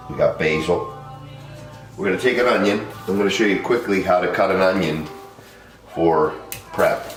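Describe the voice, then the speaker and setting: A very low-pitched man chats his way through a home cooking demo, easygoing and quick to laugh. His voice bounces around a reverberant kitchen while music plays clearly behind him. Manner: chatty and loose, laughs often, talks to camera crew. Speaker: home cook vlog host. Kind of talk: casual cooking demonstration.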